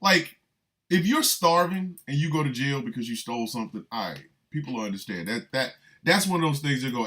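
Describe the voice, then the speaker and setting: An older man hosting a radio show, riffing in an animated, rambling comic monologue full of emphatic repetition. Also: mid-range voice, brisk.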